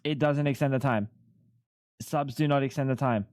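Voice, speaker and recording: A man's voice: medium pitch, normal speed, darkish tone, dry recording, clean studio sound. Laid-back swearing young male streamer. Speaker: live streamer. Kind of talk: casual live-stream chat. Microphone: headset.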